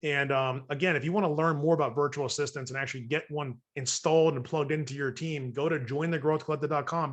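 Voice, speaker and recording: A man's voice: medium pitch, fairly bright tone. A man coaching real estate investors in a long webinar training. He jokes with his audience and acts out sample phone calls.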